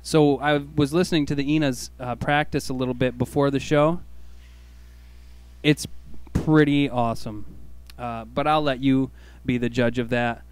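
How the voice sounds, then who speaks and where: Guy hosting a radio show, easygoing jokey storytelling, mid-pitched voice. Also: steady tone, normal speed, clean tone. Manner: laid-back, jokey, self-mocking. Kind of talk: comic storytelling monologue.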